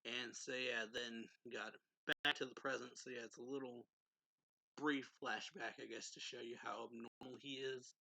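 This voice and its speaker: A man's voice: mid-range voice, level tone, moderate pace, creaky, bright, forceful tone, poor audio. A man hosting his own channel, recapping a manga chapter in a loose, rambling way full of fillers. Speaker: anime and manga reviewer, channel host.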